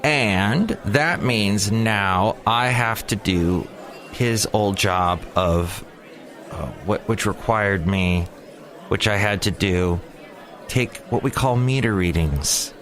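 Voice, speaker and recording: A man's voice: lowish voice, slow, fairly bright tone, some chatter behind. A tired man hosting his daily comedy podcast early in the morning, rambling jokily on his own. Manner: rambling, jokey, slips into silly voices. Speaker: podcast host. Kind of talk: solo comedy podcast monologue.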